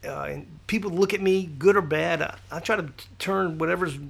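A man's voice: sits high, fairly quick, creaky. A man, a podcast guest, chatting casually and acting out little quoted exchanges as he tells stories. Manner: animated storyteller, lots of restarts and acted-out quotes. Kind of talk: casual interview chat.

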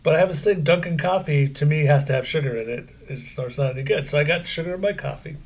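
A man's voice: fairly high pitch, fast talker. A middle-aged man from central Pennsylvania, co-hosting a podcast in a chatty, joking, self-deprecating way. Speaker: podcast co-host. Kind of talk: casual podcast chat.

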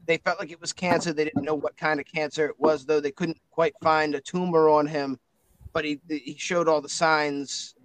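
A man voicing a grieving adult son who talks in a halting, earnest way in a tabletop game. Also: fairly high pitch, a bit bright, lightly acted, low-quality recording.

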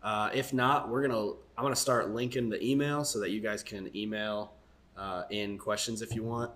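A man's voice: lowish voice, steady tone, moderate pace, a bit bright. A young man co-hosting a casual podcast, talking in a laid-back way with lots of fillers and chuckles as he tells a joke. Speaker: podcast co-host.

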